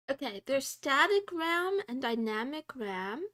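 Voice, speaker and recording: A woman with a high, light voice talks to her stream chat at an unhurried pace. She giggles often, reads study notes aloud, and slips into soft, quiet meowing between lines. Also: lively intonation.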